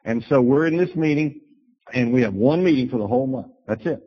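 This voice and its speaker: Man preacher, husky, storytelling sermon, muffled lo-fi sound. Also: medium pitch, a little fast. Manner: storytelling, animated bursts when quoting himself. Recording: dull lo-fi recording.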